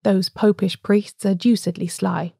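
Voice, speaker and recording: A woman's voice: mid-range voice, fairly even intonation, a little slow, gravelly, dark tone, slightly rough, no echo, clean studio sound. Woman reading as a sulky blunt male doctor. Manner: brusque, sulky.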